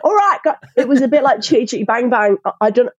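An actress chatting as a guest in an interview, telling lively stories with lots of restarts. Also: female voice, fairly high pitch, very fast, husky, highs cut off. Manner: animated storyteller, frequent restarts. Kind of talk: casual interview chat.

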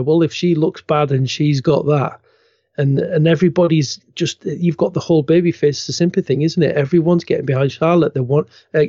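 A man's voice: on the high side, warm tone, no room sound, lo-fi sound. A man co-hosting a wrestling podcast, chatting with stumbling restarts and laughing at his own jokes. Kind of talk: casual chat.

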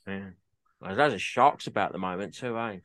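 An easygoing man in casual podcast chat. His voice sits slightly low and is recorded dry and close. He often answers with short, agreeable replies. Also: fairly quick, fairly bright tone, no room sound. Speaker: podcast co-host.

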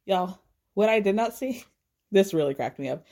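A woman's voice: medium pitch, animated, moderate pace, mellow. A young woman giving casual, sarcastic gossip commentary, swearing freely and laughing. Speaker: vlogger.

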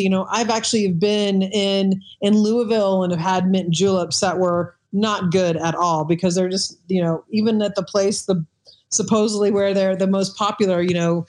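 A woman speaking in an easygoing podcast chat, her pitch sitting in a middle range. She tells stories loosely, full of fillers and restarts, with the ease of a former bartender. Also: fairly even intonation, moderate pace, a little mellow. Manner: chatty storyteller, many fillers and restarts.

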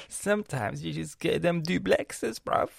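A man's voice: fairly high pitch, expressive, slow pace, creaky, breathy edge, no echo. A 20-year-old man talks in a rambling, profane vlog style. He uses lots of slang and restarts, and his breath is audible on a close mic. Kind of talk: casual rambling vlog chat.

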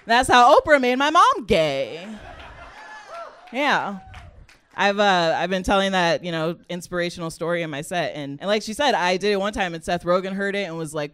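A woman doing stand-up, telling a story with lively impressions of others. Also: on the low side, moderate pace, clear, resonant tone, dry recording. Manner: animated storytelling, mimics others. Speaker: stand-up comedian. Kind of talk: stand-up comedy set.

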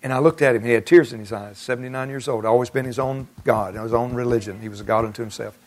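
An older man, a pastor, delivers a storytelling sermon in a church sanctuary, speaking conversationally and tossing chuckling asides to the congregation. His voice sits in the mid-range and moves at a quick pace.

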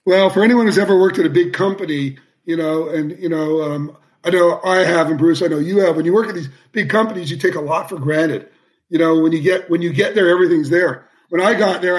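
A man reflects on his career in a relaxed interview, often pausing on fillers. His voice sits a little high for a man. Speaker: media company executive guest. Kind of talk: casual interview conversation.

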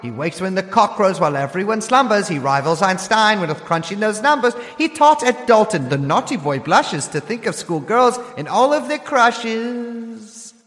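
A man's voice: high-pitched, sing-song, normal speed, hardly any pauses, a bit bright, in a large hall. Guy doing a fake british accent, cheeky limerick singer, singsongy and mocking. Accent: put-on British. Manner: sing-song, mocking recital. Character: cheeky British male songwriter reciting limericks.

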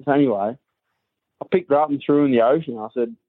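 An Australian man telling a crude joke in a deadpan way as a listener's voice message. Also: mid-range voice, fast, slight background noise. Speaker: caller. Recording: tinny phone-line voice message.

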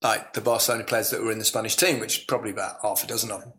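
A man's voice: lowish voice, steady tone, very fast, pushed and bright, poor audio. A man in his sixties with an English accent, a former footballer as podcast guest, telling chatty stories and laughing along. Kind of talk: relaxed anecdotal storytelling.

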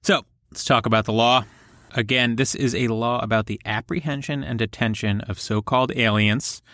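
A man co-hosting a podcast, explaining a court ruling in steady casual talk. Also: medium pitch, moderate pace, no room sound, studio quality. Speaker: podcast co-host.

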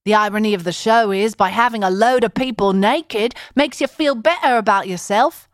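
A woman's voice: mid-range voice, normal speed, no echo, clean studio sound, lightly acted. A woman voicing a man, an enthusiastic British TV producer, in a chirpy put-on British accent. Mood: enthusing.

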